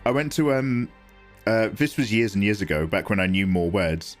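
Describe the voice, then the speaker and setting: A man's voice: lowish voice, lively intonation, moderate pace, faint music behind. A man chatting casually and self-deprecatingly on a live art stream while he draws, reading chat aloud.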